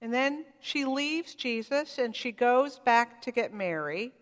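A woman pastor preaching a sermon in a church, heartfelt and reflective, leaning into some phrases and letting others fall quiet. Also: on the high side, expressive, slow pace, big-room sound.

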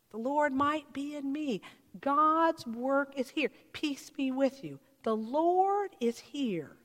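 A woman's voice: high-pitched, in a large hall. A woman pastor giving a sermon in a church, talking conversationally and putting rhetorical questions to the congregation.

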